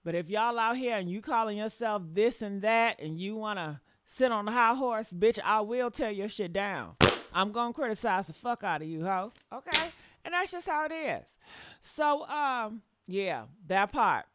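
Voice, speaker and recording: A woman hosting a reaction commentary with a hoarse voice, talking in a blunt, profane and preachy way. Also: medium pitch, expressive, moderate pace, fairly bright tone, no room sound, clean studio sound. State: hoarse from yelling. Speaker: commentary show host.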